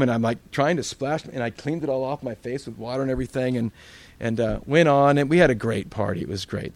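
A man preaching as a pastor, telling funny stories and acting out the voices of the people in them. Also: medium pitch. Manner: animated, acts out voices in his stories. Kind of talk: storytelling sermon.

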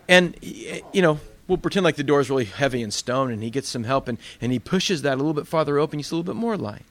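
A man's voice: on the high side, animated, fast, vocal fry. A man preaching a sermon as pastor, in a conversational, plainspoken storytelling way.

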